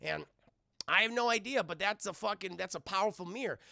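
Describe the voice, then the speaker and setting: A man casually recapping a cartoon episode for his stream chat, animated and profane, often breaking into laughter. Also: sits high, brisk, gravelly, no room sound, clean studio sound.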